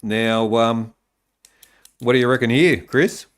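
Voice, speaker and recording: A man's voice: medium pitch, slow pace, clean tone. An Australian man hosting a casual live-streamed talk show, reading out viewer comments with lots of ums and uhs. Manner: reads viewer tips aloud, many ums and uhs. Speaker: podcast host.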